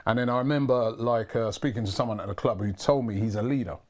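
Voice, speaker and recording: A man's voice: medium pitch, fast talker. A man hosting a fan preview show, with an upbeat presenter manner, steering the casual chat. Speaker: host.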